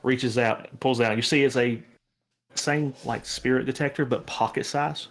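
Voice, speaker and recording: In a mid-range voice at a moderate pace, a man serves as game master for a tabletop session, laying out scenes in an easygoing, meandering manner packed with fillers.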